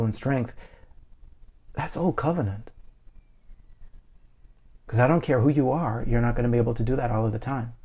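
Gravelly-voiced man preaching casually. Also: mid-range voice, dark tone. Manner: conversational, repeats words, chuckles, says "man" and "you know". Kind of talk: casual sermon.

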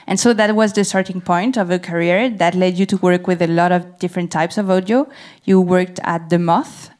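A woman's voice: on the low side, fairly even intonation, normal speed, darkish tone. A woman whose first language is French, interviewing a guest in English on a festival stage, friendly and laughing often.

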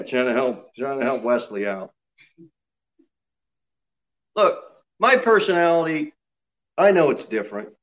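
A man with a mid-range voice preaches a sermon to his church, joking, poking fun at himself, and often repeating himself. The audio is dull, and the setting is a church sanctuary.

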